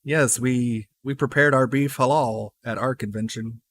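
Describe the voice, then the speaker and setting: A man's voice: mid-range voice, steady tone, normal speed, a bit bright, no room sound. A man streaming live and reacting to a video with joking, teasing asides.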